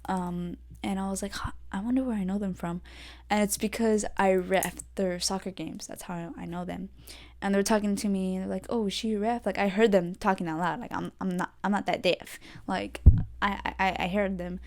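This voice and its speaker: A woman's voice: medium pitch, level tone, moderate pace. Rambling young woman podcast host. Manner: rambling storytelling, many fillers. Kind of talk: solo casual rant. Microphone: desk podcast mic.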